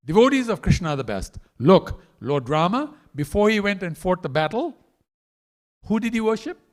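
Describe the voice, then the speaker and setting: A male preacher in a temple hall retells a sacred story, his higher-than-usual voice swinging widely in pitch. He narrates with animated, theatrical delivery and acts out each character. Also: moderate pace. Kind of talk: storytelling sermon.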